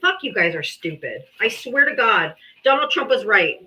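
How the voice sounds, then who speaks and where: A woman's voice: mid-range voice, big pitch swings, moderate pace, pushed and bright, poor audio. A woman hosting a live debate stream, talking in a mocking, profane and exasperated way. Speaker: livestream host. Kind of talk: heated live debate chat.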